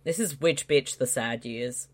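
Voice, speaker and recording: A podcast co-host trading quick wisecracks and teasing during a casual movie watch-along. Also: mid-range voice.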